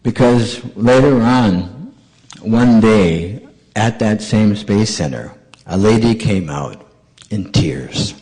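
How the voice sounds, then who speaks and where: Middle-aged male lecturer, animated storyteller with a low, expressive voice. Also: slow pace. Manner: animated, acts out dialogue. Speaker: visiting monk speaker.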